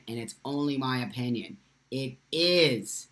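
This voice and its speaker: A man's voice: a little high, normal speed, pushed and bright. A man hosting a live stream from his phone, answering viewers' comments. He speaks with impassioned emphasis and repeats lines for force.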